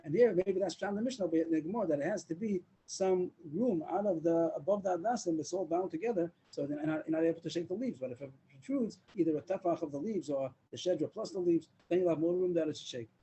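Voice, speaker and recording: A man's voice: a little high, fast talker, hardly any pauses, mellow, husky, poor audio. A man teaching a daily Talmud class over a video call, explaining step by step and mixing in Hebrew and Aramaic terms.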